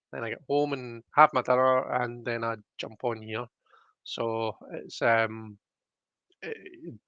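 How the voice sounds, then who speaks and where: A young man with a Scottish accent rambles easily through viewer comments on a live stream, with plenty of ums and restarts. His voice sits at an ordinary middle pitch. The sound is dry and slightly dull. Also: pushed and bright, dry recording. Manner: rambling, chatty, frequent fillers. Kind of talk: casual live chat reading comments.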